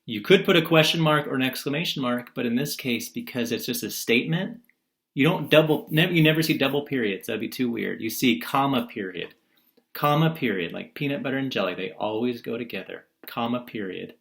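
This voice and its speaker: Male teacher, video lesson, middle pitch, playful, asks and answers his own questions. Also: brisk, creaky. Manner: lively, asks the class questions and answers them; playful, acts out quotes in different voices.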